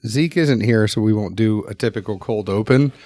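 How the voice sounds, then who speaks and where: A man's voice: lowish voice, moderate pace, dark tone, no echo. A man hosting a podcast, greeting listeners in an upbeat, joking way from a small studio. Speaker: podcast host. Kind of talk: casual podcast chat and show intro.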